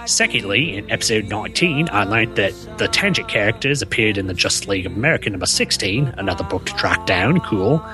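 A man's voice: fairly low pitch, expressive, fast, few pauses, music in the background, natural voice. A man reading a listener's letter aloud in a put-on Australian accent, hamming it up and cracking himself up. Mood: hammy. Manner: hammy, keeps breaking into laughter.

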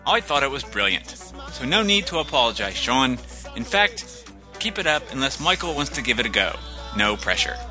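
A man's voice: mid-range voice, expressive, a little fast, over music, close to an everyday voice. A man reading a listener email while playing a cheerful Australian letter writer, in an exaggerated faux Australian accent that slips toward British. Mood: jolly.

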